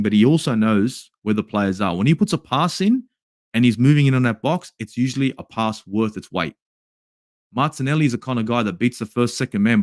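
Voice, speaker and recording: Here an Australian fan channel host vents angrily, frequently swearing and swinging between shouts and murmurs as he reviews a match and engages with live chat. The audio is studio quality with no room sound.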